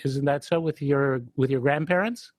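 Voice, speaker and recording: A man's voice: mid-range voice, moderate pace, a little mellow, dry recording, clean studio sound. A man hosting an interview, giving an enthusiastic, admiring introduction and asking questions. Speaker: host.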